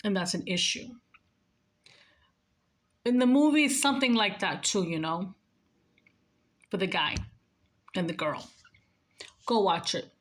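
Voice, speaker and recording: With a mid-range voice, a slightly slow delivery, and long pauses, a nurse in her forties gives emotional life advice. The monologue is earnest and heartfelt, her points repeated for emphasis.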